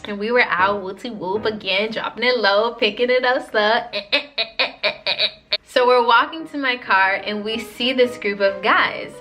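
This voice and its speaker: A young woman vlogger telling a dating story in lively, slangy storytime style. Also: a little high, measured pace, faint music behind. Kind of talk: storytime vlog.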